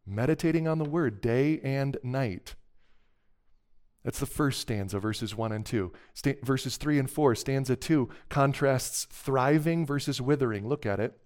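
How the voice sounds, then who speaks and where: A man's voice: mid-range voice, measured pace, darkish tone. A middle-aged man preaching a sermon as pastor, talking in a conversational, earnest way and breaking into emphatic bursts.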